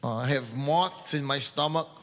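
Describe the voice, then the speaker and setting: A man's voice: mid-range voice, normal speed, a bit bright, long reverb tail, faint music behind. A man doing stand-up, telling jokes in a pidgin-flavored storytelling voice. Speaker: comedian. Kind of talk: stand-up joke telling with sung refrains.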